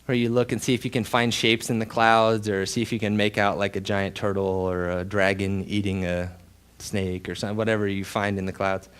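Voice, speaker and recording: A male pastor preaching a sermon with dramatic storytelling, dropping to a hush and then rising loud for emphasis. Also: fairly low pitch, flat delivery, a little fast, clear, resonant tone. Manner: dramatic storytelling, swings between hushed and loud.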